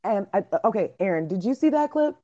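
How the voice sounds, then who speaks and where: A woman's voice: mid-range voice, expressive, brisk, warm tone, muffled recording, a little hiss or hum. A woman hosting a podcast in casual chat, blunt and profane, laughing often. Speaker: podcast host.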